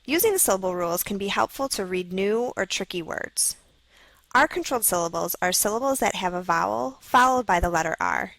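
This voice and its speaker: A woman narrating a scripted phonics video for children, slowly sounding out letters and words. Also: mid-range voice, lively intonation, a bit bright, no echo, poor audio. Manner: slow, clearly sounding out letters.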